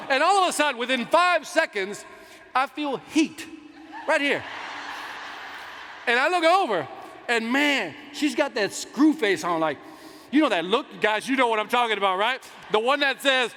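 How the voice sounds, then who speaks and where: A middle-aged man giving a motivational keynote, telling stories with loud outbursts and playing to the crowd. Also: extremely high pitch, moderate pace. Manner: animated storytelling, loud outbursts, plays to the crowd. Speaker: keynote speaker. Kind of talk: motivational stage speech. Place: large conference hall. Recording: long hall reverb, faint noise.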